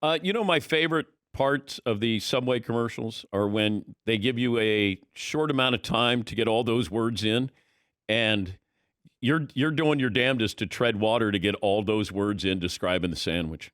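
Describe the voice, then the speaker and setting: Relaxed male talk show host. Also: lowish voice, moderate pace. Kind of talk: casual interview chat.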